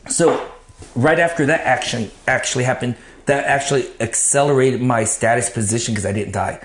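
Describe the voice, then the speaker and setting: Male guest, middle pitch, raw profane storyteller, recorded with a roomy echo. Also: fairly quick, background noise. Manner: blunt and profane, acts out what he told himself. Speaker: interview guest. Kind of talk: personal storytelling, casual talk.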